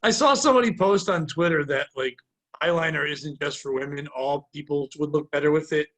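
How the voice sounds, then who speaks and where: A man's voice: a little high, brisk, fairly bright tone. A man co-hosting a comedy podcast, joking crudely and laughing a lot as he riffs. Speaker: podcast co-host.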